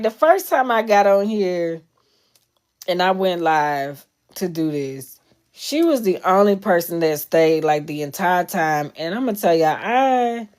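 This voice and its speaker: A woman's voice: lowish voice, darkish tone. A woman in casual chat with her followers during a live stream, candid and chatty, swearing freely.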